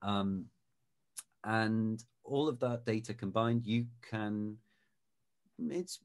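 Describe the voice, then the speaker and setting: A man talking as an expert guest in a video-call interview, explaining in a thoughtful, measured way and demonstrating sounds. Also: fairly low pitch, expressive. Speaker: guest expert on Shakespeare pronunciation.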